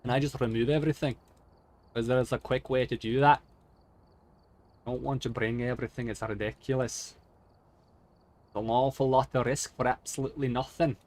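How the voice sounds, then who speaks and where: Man voicing a brash swearing ghost hunter, loud show-off game persona. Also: mid-range voice, fairly even intonation, moderate pace, long pauses, lightly acted. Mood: musing. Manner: boastful, profane and loud. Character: brash cursing male ghost hunter, boastful. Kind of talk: gaming stream commentary.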